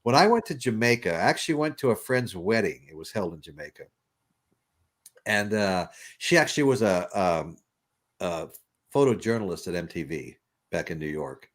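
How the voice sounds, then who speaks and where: Deep-voiced and lively in intonation, this man hosts a podcast and spins a long, rambling story at a moderate pace. The casual storytelling keeps looping back through restarts and laughter.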